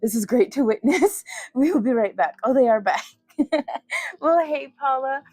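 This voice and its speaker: A woman's voice: sits high, expressive, normal speed, darkish tone, dry recording. A woman hosting a casual livestream, chatty and giggly, often laughing at herself. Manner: giggly, chatty, self-deprecating. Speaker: livestream host.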